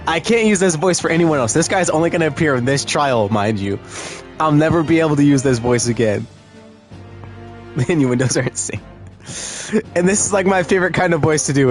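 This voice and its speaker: A man's voice: a little high, expressive, a little fast, faint music behind. A man giving casual, giggly, self-mocking let's play commentary while reading a game aloud. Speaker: gaming streamer.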